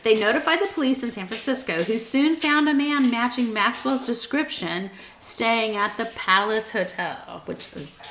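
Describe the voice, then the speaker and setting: A young woman with a slightly high, somewhat bright voice hosts a podcast at a normal pace. She tells a true crime story playfully, teasing and quizzing her co-host in casual chat. The room sounds echoey, with faint background noise.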